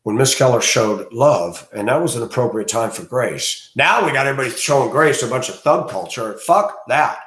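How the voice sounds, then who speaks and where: A man ranting crudely in a monologue, breaking into loud outbursts and mocking voices. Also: mid-range voice, expressive, brisk, hardly any pauses, roomy sound. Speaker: host.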